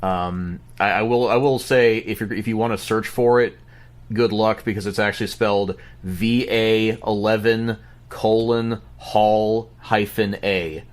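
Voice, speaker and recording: Animated, stammering male storyteller. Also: lowish voice, unhurried. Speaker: podcast guest. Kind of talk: casual podcast chat.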